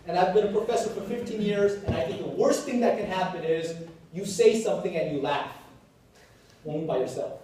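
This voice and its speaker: Male professor, lively lecturer with jokes, slightly high voice, booming echo, distant mic, faint background hiss. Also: a little fast. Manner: animated storytelling, jokey asides. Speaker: university professor. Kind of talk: classroom lecture. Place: lecture hall. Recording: echoey hall, picked up from afar.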